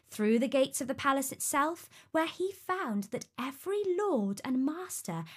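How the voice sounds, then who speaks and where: Female storybook narrator: higher voice, slow, expressive delivery. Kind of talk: storybook reading.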